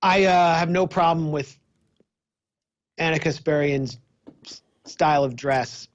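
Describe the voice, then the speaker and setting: A male guest journalist speaking in a hesitant, halting way. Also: fairly high pitch, highs cut off. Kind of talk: interview conversation.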